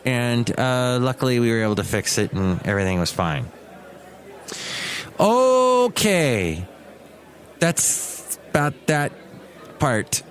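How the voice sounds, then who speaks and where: A man hosting his own daily podcast, talking casually in a chatty, digressive way. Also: mid-range voice. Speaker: podcast host and radio DJ. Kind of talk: casual solo podcast monologue.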